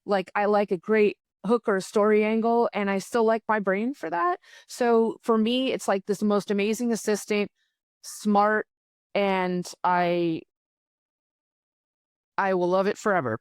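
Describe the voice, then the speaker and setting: A woman's voice: mid-range voice, unhurried, clean tone, no echo, studio quality. A woman journalist talking casually and with enthusiasm, with many restarts and fillers. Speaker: journalist and writer. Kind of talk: casual conversation.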